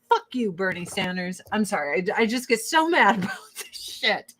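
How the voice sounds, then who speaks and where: A woman's voice: medium pitch, very animated, normal speed, fairly bright tone, rough recording. A woman ranting casually on a livestream, swearing freely, laughing and reading viewer comments. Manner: profane, fiery, laughs often. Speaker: streamer.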